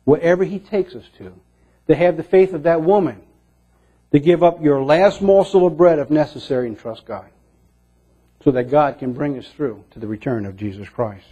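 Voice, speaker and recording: Earnest male preacher, mellow and a touch high, emphatic then hushed; dull lo-fi sermon recording. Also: moderate pace, slightly rough.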